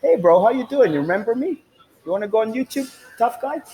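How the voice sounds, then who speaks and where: A man putting on a brash male security guard, pitched well above his own voice and shouting orders in street slang. It is a vlog impression, loud and bossy. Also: animated, fast, low-quality recording. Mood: taunting.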